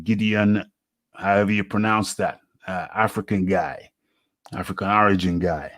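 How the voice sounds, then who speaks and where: A man hosting a boxing talk show, musing aloud in casual commentary with many fillers and pauses. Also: fairly low pitch, dry recording. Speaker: boxing radio host.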